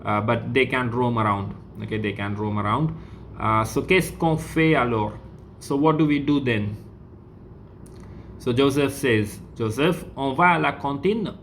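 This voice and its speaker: A man with an Indian English accent teaching a French lesson, explaining slowly and repeating words often. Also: mid-range voice, a bit bright, slight background noise. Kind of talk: classroom lesson.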